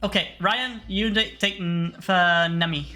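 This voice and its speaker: A woman calmly handing out roles in a group game reading. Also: fairly low pitch, unhurried, soft background music. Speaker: organizer assigning roles.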